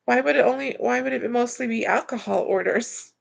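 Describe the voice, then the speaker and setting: Gravelly-voiced woman chatting with viewers. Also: a little high, fairly quick. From Florida, US. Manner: rambling, repeats words when restarting. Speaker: livestream host reading chat. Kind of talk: casual live chat.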